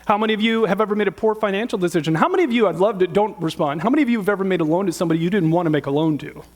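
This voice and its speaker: Pastor in his fifties: higher-than-usual male voice, storytelling sermon, rhetorical questions to the room. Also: very fast. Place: church hall with audience.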